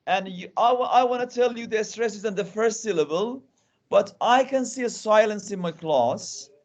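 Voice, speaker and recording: Male guest lecturer, fairly high voice, interactive, repeats himself, on a video call. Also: moderate pace. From Iran. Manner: interactive, often restarts and repeats words. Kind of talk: online webinar lecture.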